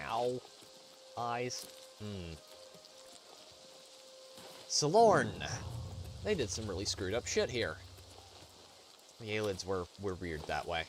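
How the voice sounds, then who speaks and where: Gaming host, male, meandering and foul-mouthed, low voice that swings widely. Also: very animated, takes it slowly, pauses often, soft background music. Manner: rambling, profane, self-interrupting. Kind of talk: casual let's-play commentary.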